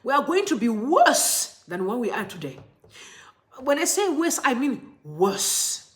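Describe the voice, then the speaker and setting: Woman host with a higher, very animated voice, delivering emphatic, repetitive political commentary to her viewers. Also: moderate pace. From Zimbabwe. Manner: emphatic and impassioned, repeats phrases and talks directly to her viewers. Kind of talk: impassioned commentary to camera.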